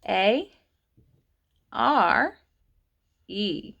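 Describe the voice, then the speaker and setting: A woman teaches kindergarteners online, writing sentences while sounding out every letter. She speaks slowly and patiently, drawing out each sound for small children. Her pitch sits in an ordinary middle range. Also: lively intonation, vocal fry, a bit bright, lo-fi sound.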